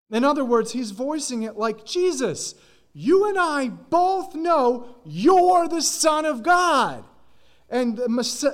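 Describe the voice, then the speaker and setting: A man preaching a sermon as pastor in a church, earnest and explaining scripture, now and then acting out the quoted lines. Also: high-pitched. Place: church sanctuary.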